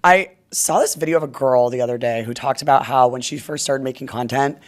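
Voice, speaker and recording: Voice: medium pitch, fairly quick. A podcast host talking in a casual, upbeat, chatty way, with many fillers.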